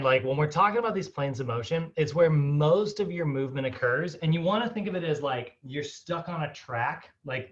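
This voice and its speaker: Male fitness instructor, chatty online lecture, dull lo-fi call audio. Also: on the high side. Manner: casual, upbeat, chatty with fillers and laughs. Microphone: video call.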